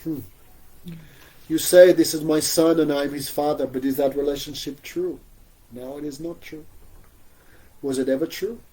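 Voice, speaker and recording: Husky-voiced man teaching scripture. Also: a little high, fairly even intonation, moderate pace, pauses often, mellow, rough recording. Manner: chuckles often, asks rhetorical questions. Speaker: spiritual teacher. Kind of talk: scripture class storytelling.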